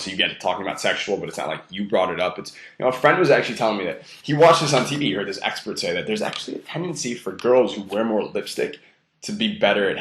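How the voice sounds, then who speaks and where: Fast-talking man coaching, low voice. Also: a bit bright. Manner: rapid, loose, filler-heavy talk. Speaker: dating coach. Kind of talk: casual coaching monologue. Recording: echoey room.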